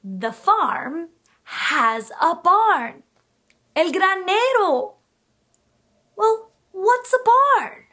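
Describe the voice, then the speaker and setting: Very high-pitched, slow bilingual kids' teacher. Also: female voice. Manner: slow, sing-song and animated, switching between English and Spanish. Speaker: children's speech teacher.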